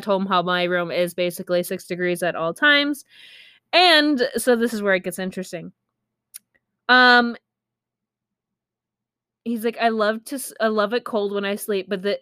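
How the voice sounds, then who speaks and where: A woman's voice: mid-range voice, bright, forceful tone, clean tone, no room sound, clean studio sound. A young woman telling a candid, chatty story about her own life, full of fillers, and laughing at herself. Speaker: streamer. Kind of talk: casual storytime.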